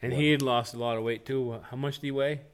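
A man's voice: medium pitch, fairly even intonation, quick pace, clean tone. A man in his fifties chiming in with his side of a hunting story, plainspoken and casual. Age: 50s. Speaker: guest hunting partner. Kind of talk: casual chat.

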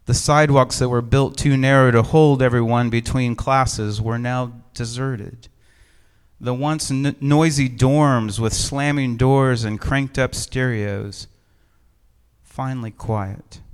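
This is a middle-aged man, a pastor, giving a sermon to an empty church. His medium-pitched voice is smooth and steady, and he weaves reflective, measured stories with a gentle comic touch.

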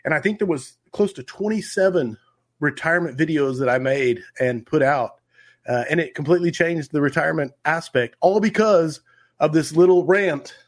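A man's voice: a little high, normal speed. A middle-aged man from Oklahoma hosting a fire service podcast, chatting casually and enthusiastically and reading a sponsor spot. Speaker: podcast host.

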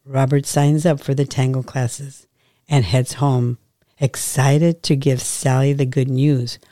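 A woman podcast host reading her own short story aloud in a calm, measured way. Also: extremely low pitch, no room sound, studio quality.

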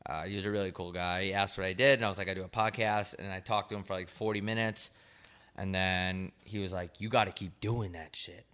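A man's voice: low-pitched, fast talker, clean tone. A young man co-hosting a podcast, telling rambling, profane stories in casual chat. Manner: rambling, profane, animated storytelling. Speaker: podcast co-host.

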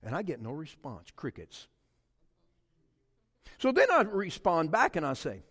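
A middle-aged man delivers a funny, story-driven sermon in a church. His pitch leaps all over the place as he acts out scenes with mock phone calls and noises. A long hall reverb trails every line. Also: a little slow, pauses often, slightly rough. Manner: animated, acts out his own story with mock quotes and sounds. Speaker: pastor. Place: church sanctuary.

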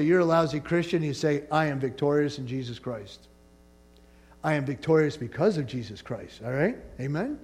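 Male pastor mid-sermon, high and expressive, playful energy, works the room. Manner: animated preaching, rising and falling emphasis, call-and-response asides.

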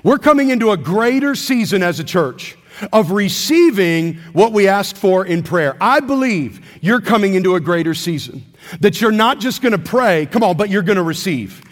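A man's voice: high voice, expressive, normal speed, in a large hall. A man in his thirties, a pastor preaching a sermon with call-and-response to his church.

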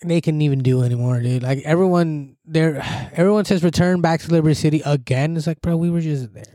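A man talking quickly and loosely in casual podcast banter. His voice is fairly high for a man but mellow and dark in tone. The sound is dry and close, with no room echo. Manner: laid-back, swears a lot, says "dude" and "bro". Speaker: podcast co-host. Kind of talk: casual chat.

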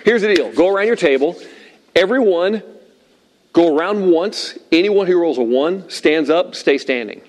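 Animated middle-aged male preacher. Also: high voice, normal speed. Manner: animated storyteller, acts out shouted quotes. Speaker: pastor. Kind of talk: sermon with personal story. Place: room with tables of listeners.

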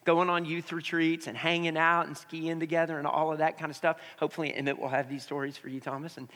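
A man's voice: fairly high pitch, little pitch movement, fast, a bit bright. A man preaching a sermon as pastor, praying and then telling a family story to the congregation on a stage microphone. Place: church sanctuary with congregation. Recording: reverberant church hall.

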